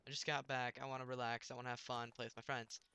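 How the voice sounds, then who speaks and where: A man's voice: medium pitch, level tone, quick pace, bright, forceful tone, slight background noise. A young man telling a rambling story while commenting on his gameplay, with many restarts.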